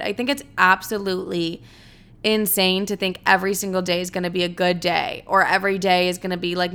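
A woman's voice: mid-range voice, pushed and bright, clear, resonant tone. A woman hosting her own podcast, talking candidly and rambling in a casual, profane way. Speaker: podcast host. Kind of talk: casual solo podcast chat.

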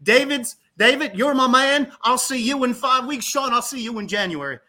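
A man's voice: very high voice, lively intonation, normal speed, bright, forceful tone, voice pushed up, heavily acted. A man voicing a folksy male program director with a Southern US accent, drawling and easygoing. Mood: jovial.

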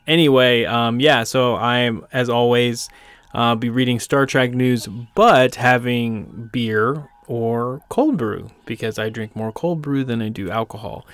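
A man's voice: medium pitch, a bit bright. A man from the United States hosting a podcast in a casual, rambling way, with self-deprecating jokes and lots of fillers. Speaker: podcast host.

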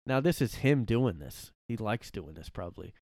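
A man with a lowish, sing-song voice talks at a moderate pace, his tone slightly mellow, recorded cleanly in studio quality with no echo. Hosting a casual solo podcast from a room at home, he rambles along with plenty of fillers, restarts and self-corrections, laughing often.

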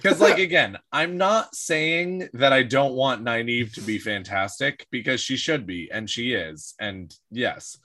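A man's voice: medium pitch, lively intonation, unhurried, hardly any pauses, pushed and bright, no room sound. A man co-hosting a casual podcast chat, with a dry, wry and teasing way of talking. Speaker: podcast co-host.

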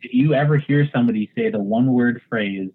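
A man's voice: medium pitch, fast, slightly rough. A man with a Wisconsin accent, a podcast guest, explaining things patiently and step by step. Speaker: guest realtor. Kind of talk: casual podcast chat. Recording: tinny phone-like line.

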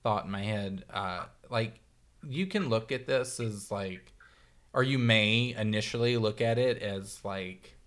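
A man's voice: on the low side, measured pace, a bit bright. Rambling male podcast co-host. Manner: rambling, searching for words. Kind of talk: casual chat.

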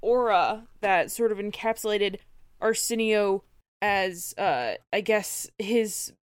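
A woman's voice: mid-range voice, takes it slowly, clear, resonant tone, no echo, studio quality. A woman playing her character in a tabletop role-playing game, speaking formally while searching for words. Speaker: player.

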